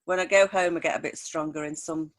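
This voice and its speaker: Northern english woman hosting a cosy chat, friendly and upbeat, asks quick questions. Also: low voice, fairly even intonation. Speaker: host. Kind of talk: casual interview chat.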